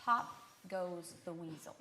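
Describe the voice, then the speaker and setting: A woman's voice: fairly low pitch, slow pace, echoey room, very noisy. A young woman giving a live violin lesson to children, coaxing and encouraging them with questions. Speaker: violin teacher.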